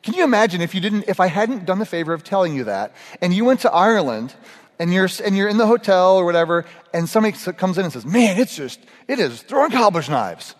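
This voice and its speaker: A man's voice: high-pitched, lively intonation, fast talker. A middle-aged man giving a casual, humorous sermon to a group. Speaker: pastor. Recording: echoey hall reverb.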